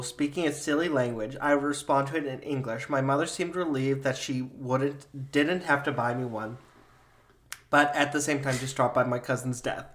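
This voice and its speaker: A podcast host reads a spooky story aloud in a steady, unhurried telling. His voice sits in an ordinary middle pitch for a man.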